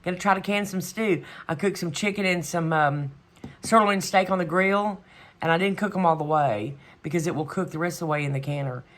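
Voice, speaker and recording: A middle-aged woman talks straight to her camera at home in a casual vlog. Her voice sits a little low in pitch but sounds bright and forceful. She rambles and vents in an exasperated way, often trailing off with a shrug of "whatever". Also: brisk. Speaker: vlogger. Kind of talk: casual chat.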